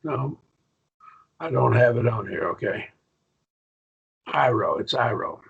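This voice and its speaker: Brief: male Bible-Greek teacher, gravelly and husky, patient, dull lo-fi classroom sound. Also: medium pitch, animated, slow pace. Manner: patient, checks in with "okay?" often. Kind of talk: classroom lesson.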